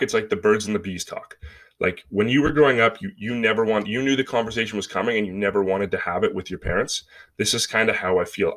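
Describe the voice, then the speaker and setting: A man's voice: on the low side, a bit bright. A man in his twenties hosting a solo podcast, ranting with sarcasm and mockery in casual talk. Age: 20s. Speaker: podcast host.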